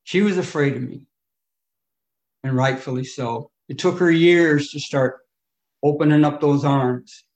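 Middle-aged man, fairly high voice, giving a heartfelt recovery talk with big swings in volume. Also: measured pace, pauses often. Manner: emotional, swinging between loud and hushed. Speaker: recovery speaker. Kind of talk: AA share storytelling.

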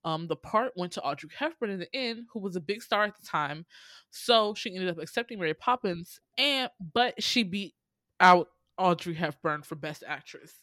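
A woman's voice: fairly low pitch, expressive, normal speed, fairly bright tone, no room sound. A young woman hosting a casual chat, reading out film trivia with sassy asides and frequent ums. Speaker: podcast host.

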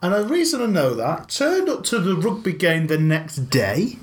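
A man's voice: high voice, sing-song, normal speed, a little hiss or hum. A man co-hosting a podcast, a rowdy storyteller who swears freely. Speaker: podcast co-host. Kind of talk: casual banter.

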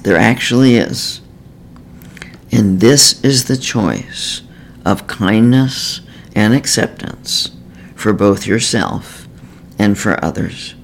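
A man, a therapist, reading a self-help book in a measured, earnest and gentle way. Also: on the low side, expressive, vocal fry, a little hiss or hum, low-quality recording. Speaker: therapist author. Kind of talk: scripted self-help narration.

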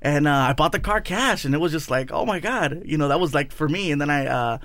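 A young adult man, a comedian guest on a radio show, telling stories in a lively way and acting out the people in them. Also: a little high, fast, no echo. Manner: animated, acts out voices in his stories. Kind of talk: casual radio interview storytelling.

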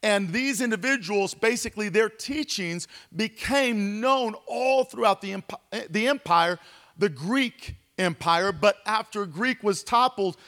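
Pastor guy teaching bible study, pretty high voice for a man, chatty and explainy, repeats himself a bit. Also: animated, unhurried, a bit bright. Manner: conversational, repeats words while explaining.

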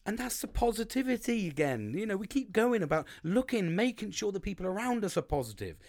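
A man delivers a loose, rambling motivational monologue. His voice sits a touch high for a man and swings widely as he talks. He repeats himself and swears freely. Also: big pitch swings, brisk, darkish tone.

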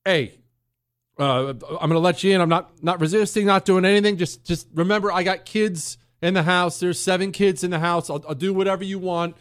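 A man's voice: sits high, fairly even intonation, fairly quick, fairly bright tone, clean tone. A man voicing a nervous father who pleads with armed agents at his door. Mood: pleading.

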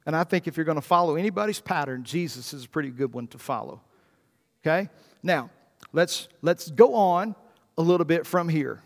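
High-voiced preacher in a reverberant hall. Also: male voice, moderate pace. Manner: animated preaching, swinging from hushed to loud. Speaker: pastor. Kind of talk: sermon. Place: church sanctuary. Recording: long reverb in a church hall.

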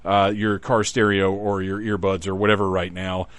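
A man's voice: deep voice, little pitch movement, normal speed, no echo. A middle-aged man from the Southern United States telling a rambling, self-deprecating story in a casual podcast monologue. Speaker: podcast host.

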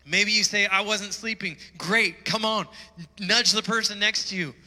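A man preaching in a church hall, his high voice carrying a long reverb. His tone is bright and forceful as he tells stories and presses his listeners with urgent calls to wake up. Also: steady tone, unhurried. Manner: storytelling, emphatic rising calls to wake up. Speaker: pastor. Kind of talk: sermon.

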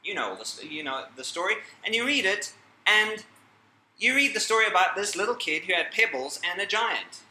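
Speaking at normal speed, this man has a high, very animated, sharp voice, recorded with a little hiss or hum in an echoey hall. His talk to a live audience is lively and joking, full of broken-off sentences and laughter at his own side comments.

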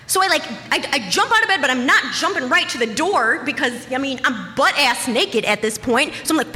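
A young woman telling a personal story in a casual, animated way, swearing often and acting out panicked quotes. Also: high-pitched, normal speed, long reverb tail, slight background noise.

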